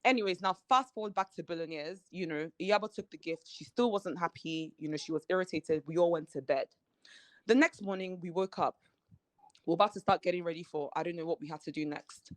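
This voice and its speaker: Woman, rapid speech, animated storytelling, acts out quoted dialogue, dry close sound. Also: fairly low pitch, dry recording. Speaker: reality show cast member guest. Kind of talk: candid podcast interview storytelling.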